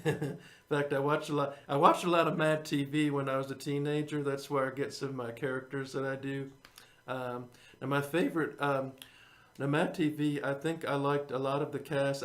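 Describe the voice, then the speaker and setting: A man's voice: mid-range voice, flat delivery, moderate pace, fairly bright tone. A man, a singer-songwriter hosting his own show, rambling in casual chat to viewers and chuckling often.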